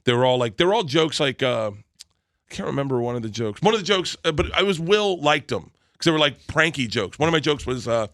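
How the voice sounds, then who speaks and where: Casting: bright-voiced comedian man in his forties, from Florida, animated storyteller, dry studio sound. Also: medium pitch, brisk, no room sound. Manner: animated, laughing storyteller acting out quotes. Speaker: comedian guest. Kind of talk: storytelling in casual interview.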